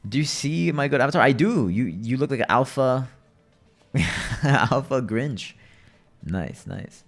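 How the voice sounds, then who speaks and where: A man's voice: mid-range voice, expressive, unhurried, gravelly, soft background music. A young man streaming a game, chatting and telling rambling stories with plenty of swearing. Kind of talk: casual gaming commentary.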